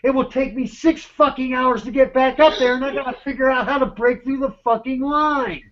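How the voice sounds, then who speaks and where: Guy going off in a voice chat, voice way up high, swearing and repeating himself, muffled lo-fi sound. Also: fairly even intonation, brisk. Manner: profane, urgent, repetitive, stammering. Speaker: speaker in an online voice chat. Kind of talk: agitated rant.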